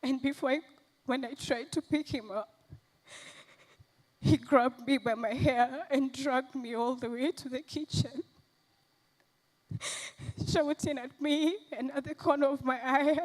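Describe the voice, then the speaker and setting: An actress on stage playing an abused young mother, recounting her ordeal in halting, shaken narration. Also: high voice, a little mellow, rough recording. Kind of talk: stage play monologue. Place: festival stage.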